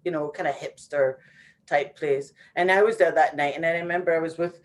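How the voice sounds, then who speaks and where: A woman from Scotland, a singer being interviewed over a video call, telling stories with lively acted-out quotes. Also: low-pitched, fairly quick. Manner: lively storyteller, acts out quotes. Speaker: guest singer. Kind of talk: casual interview chat.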